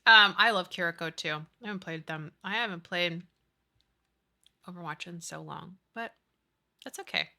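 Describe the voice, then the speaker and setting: A woman's voice: on the low side, normal speed, vocal fry, long pauses, pushed and bright. A woman streaming, chatting casually with her chat and ranting with lots of swearing. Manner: chatty, profane, ranting, reads chat aloud. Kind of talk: casual live-stream chat while building.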